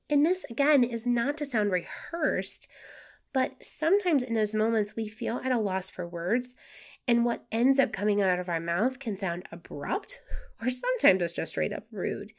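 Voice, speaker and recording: A woman's voice: medium pitch, vocal fry. A woman hosting a faith-based podcast, talking in a friendly, earnest way, her voice nasal from a cold. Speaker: podcast host.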